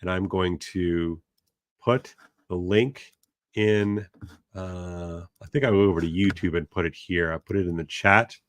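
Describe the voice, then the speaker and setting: Expressive man teaching a literature class. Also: deep voice, a little slow, no echo. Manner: expressive reader, musing questions to the class. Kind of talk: dramatic reading and class lecture.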